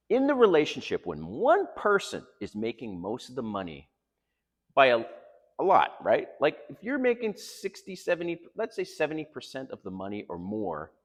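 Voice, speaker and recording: A middle-aged man giving dating advice to camera in a casual monologue, blunt, emphatic and profane as he lectures. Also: mid-range voice. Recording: long reverb in the room.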